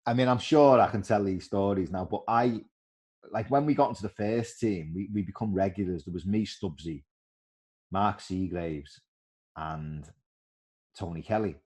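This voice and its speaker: A middle-aged man, a former footballer telling animated stories in a casual interview and acting out the voices of others. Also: low-pitched, moderate pace, husky.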